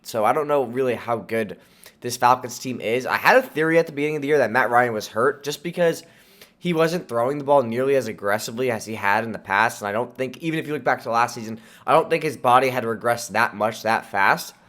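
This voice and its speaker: This young man hosts a sports podcast, talking fairly quickly in a mid-range, fairly bright voice. His sore throat makes him sound nasal and slightly lisping as he rambles opinionatedly, full of fillers and restarts.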